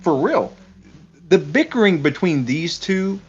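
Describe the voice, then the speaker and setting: A man's voice: a little high, big pitch swings, measured pace, husky, muffled recording. Casual, laughing man on a podcast. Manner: profane, laughs often. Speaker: podcast co-host. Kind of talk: casual chat about a film over beer.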